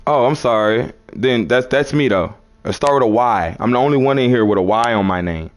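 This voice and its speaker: A man's voice: mid-range voice, fairly quick. A man from New Orleans with a New Orleans accent, talking casually as a live-stream preacher, repeating himself and calling listeners son and brother.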